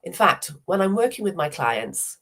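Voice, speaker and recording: A woman speaker with a cold, hoarse and croaky, telling a personal story at an online summit in a measured way. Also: on the low side, sing-song, a bit bright. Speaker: speaker, hypnotherapist.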